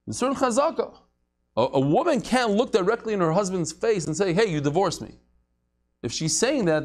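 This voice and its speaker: A man teaching a casual Talmud class, joking as he goes and chanting the quoted passages. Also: high-pitched.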